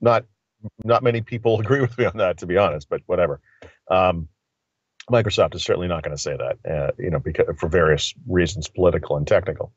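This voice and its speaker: A very deep, husky-voiced tech commentator talks fast in a casual tech chat, rambling and thinking aloud with many fillers as he stops and restarts his thoughts. He calls in over a phone line, producing dull lo-fi sound that feels dry and close, with no room sound.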